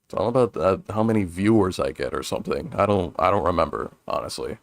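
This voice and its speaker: A man's voice: sits low, expressive, fast, gravelly, dry recording. A male streamer chatting casually during a game, rambling with restarts and frequent chuckles. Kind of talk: casual let's-play chat.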